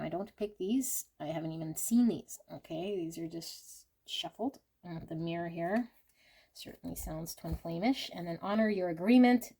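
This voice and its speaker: A woman's voice: on the low side, warm tone. A woman reading tarot and oracle cards for viewers, naming each card with effusive, breathless reactions.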